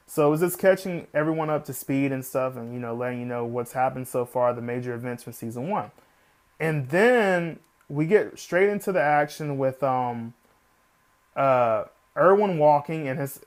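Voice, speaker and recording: A man reviewing an anime episode in a casual, excitable, rambling way, often repeating "literally" and swearing now and then. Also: a little high.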